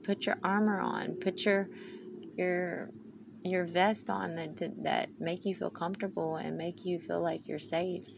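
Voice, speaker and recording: A woman's voice: lowish voice, steady tone, measured pace, creaky. A woman hosting her podcast, talking in a rambling, heartfelt way with a valley-girl lilt. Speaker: podcast host. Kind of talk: casual personal monologue. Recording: noisy recording.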